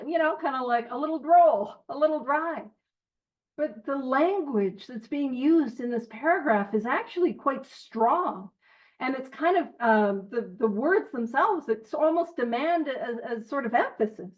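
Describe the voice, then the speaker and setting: A woman's voice: high-pitched, animated, measured pace, highs cut off. A woman hosting a recovery book study in casual, earnest talk, chatty and self-deprecating, prone to tangents. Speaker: host leading a recovery literature study. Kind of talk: casual study-group talk with read-aloud passages.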